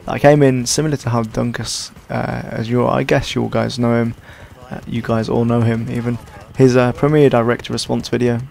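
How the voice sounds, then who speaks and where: Young male gaming commentator, tired and hoarse, gravelly, self-deprecating rambler. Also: mid-range voice, little pitch movement, moderate pace, hardly any pauses, a little mellow, slight background noise. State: hoarse, sore throat. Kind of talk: casual gameplay commentary.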